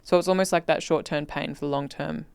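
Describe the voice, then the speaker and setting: Flat, gravelly podcast co-host. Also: mid-range voice, quick pace, no room sound. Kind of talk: casual podcast chat.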